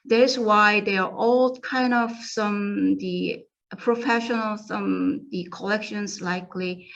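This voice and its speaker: Halting Korean-accented woman presenting. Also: mid-range voice, steady tone, gravelly, fairly bright tone, highs cut off. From South Korea. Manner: halting, many fillers and restarts. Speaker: conference presenter. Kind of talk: academic presentation.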